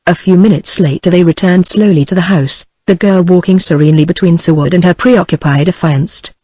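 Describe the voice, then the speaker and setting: A woman's voice: fairly low pitch, brisk, no room sound. Synthetic British woman narrating a novel. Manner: even, synthetic text-to-speech reading. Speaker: audiobook narrator. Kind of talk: scripted narration.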